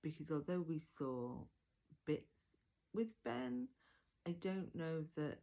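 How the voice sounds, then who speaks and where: A woman's voice: low voice, sing-song, slow, vocal fry, warm tone. A woman giving a casual, chatty audiobook review, enthusiastic and full of fillers and self-corrections.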